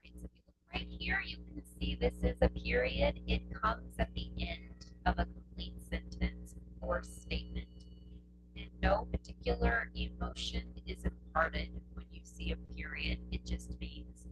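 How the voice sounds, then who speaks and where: A woman teaches a test prep lesson in an unhurried, patient way. She goes over each point more than once and checks in with her listeners. Steady hum and noise sit under her voice. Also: fairly high pitch, gravelly. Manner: slow, patient, repeats points with checking "okay?". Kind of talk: classroom lesson explaining punctuation.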